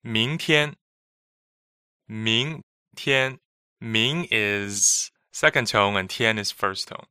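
Slow-speaking man modeling pronunciation, bright voice. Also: on the low side, clear, resonant tone, no room sound, studio quality. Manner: relaxed, brief replies, models pronunciation slowly. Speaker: language lesson co-host. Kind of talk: casual podcast lesson.

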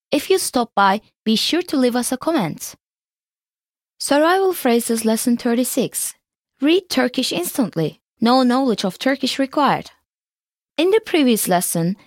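Woman, lesson host, higher voice, slow and carefully enunciated, dry close recording. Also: no echo. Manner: slow, clearly enunciated repetition of phrases. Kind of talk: scripted language lesson.

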